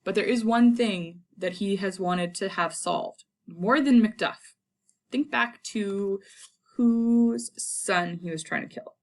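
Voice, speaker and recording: Lady teacher, kinda low voice, walks through the story all casual, slangy retellings. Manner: chatty, paraphrases characters in slang. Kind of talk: casual lesson summary.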